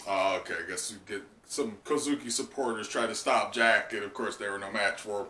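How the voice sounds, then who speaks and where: A man hosting a casual live reaction, excitable and laughing often, with plenty of fillers and swearing. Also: on the low side, a little fast, hardly any pauses. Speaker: channel host. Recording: echoey room, mic at a distance.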